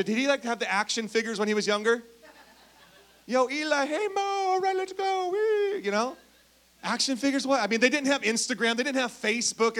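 High-voiced playful preacher man. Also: a bit bright. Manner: playful, asks the crowd for responses. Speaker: pastor. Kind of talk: sermon.

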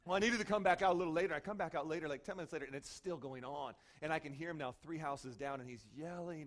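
A man's voice: on the high side, fast, few pauses. A man who is a pastor, preaching in a conversational way, telling stories with many "okay?" and "right?" asides. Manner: animated storyteller, frequent "okay?" and "right?" asides. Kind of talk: conversational sermon with acted-out stories.

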